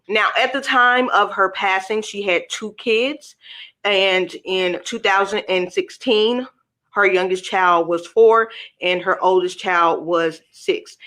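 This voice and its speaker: A woman's voice: mid-range voice, a bit bright. A woman commentator telling a true-crime story in a conversational way, adding her own opinions.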